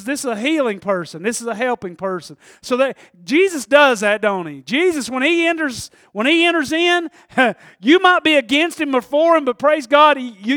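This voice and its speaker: A man preaching a sermon in church, talking conversationally, laughing often and building to shouts. His voice sits very high for a man. The recording is close and dry. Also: no room sound.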